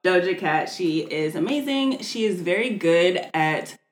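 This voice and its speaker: A woman's voice: on the low side, expressive, unhurried. A woman co-hosting a podcast, chatting casually with lots of "like" fillers and frequent laughs. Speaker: podcast co-host. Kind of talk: casual chat. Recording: roomy echo.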